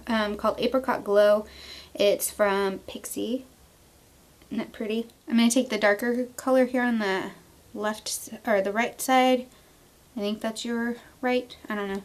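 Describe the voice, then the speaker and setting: A woman in her thirties chatting casually through a makeup tutorial at home, playful and prone to inventing silly words as she works. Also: on the high side. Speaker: beauty vlogger. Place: at home, indoors.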